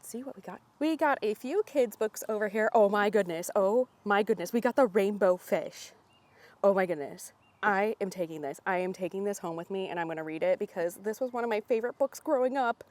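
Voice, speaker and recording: Young woman, bubbly, excited, casual vlog, outdoors, handheld camera. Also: medium pitch, brisk. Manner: bubbly, excited, laughs often. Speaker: vlogger. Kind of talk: casual vlog, reading book blurbs aloud. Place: outdoors at little free libraries in a park.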